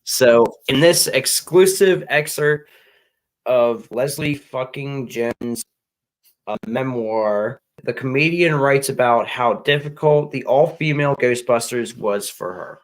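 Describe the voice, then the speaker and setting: A man's voice: mid-range voice, slow, rough recording. A man co-hosting a casual commentary show, ranting in an exasperated, profane way with many restarts. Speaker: podcast co-host.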